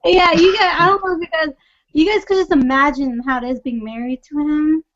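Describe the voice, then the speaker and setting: A woman's voice: sits high, steady tone, brisk, a bit bright, no echo. A woman from Pakistan, a podcast guest, rambling through casual stories with many fillers. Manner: rambling, giggly, lots of fillers. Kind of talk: casual chat. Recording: dull lo-fi sound, dry room.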